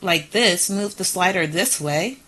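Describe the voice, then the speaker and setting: A woman's voice: fairly low pitch, animated, unhurried, fairly bright tone, slightly rough, poor audio. A woman streamer chatting casually with her viewers, repeating herself and sounding mildly exasperated as she fiddles with her audio settings. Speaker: live streamer.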